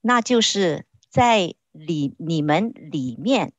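A woman's voice: fairly low pitch, animated, takes it slowly, dull audio. A woman interpreting a sermon phrase by phrase, sometimes hesitating as she searches for words.

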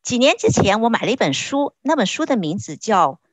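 A woman interprets a sermon phrase by phrase, pausing at times to search for words. Her pitch rises and falls with a lot of movement. The recording is close and dry. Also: sing-song, no echo. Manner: searching for words, with frequent hesitations.

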